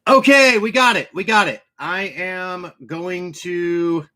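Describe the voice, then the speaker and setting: A man's voice: sits high, slow, pushed and bright. A man hosting a livestream in casual chat, loose and talkative with frequent restarts. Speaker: livestream host.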